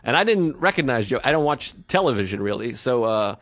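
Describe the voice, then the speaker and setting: A man's voice: medium pitch, big pitch swings, brisk, fairly bright tone, dry recording, clean studio sound. A man in his thirties co-hosting a podcast, telling rambling self-deprecating stories in casual chat and acting out the quotes. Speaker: podcast co-host.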